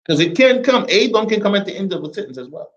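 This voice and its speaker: A man with an American accent teaching an Arabic lesson to a small class, lively and often checking that everyone follows. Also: high voice, rapid-fire, muffled recording. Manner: lively, mixes English with Arabic reading, checks understanding often.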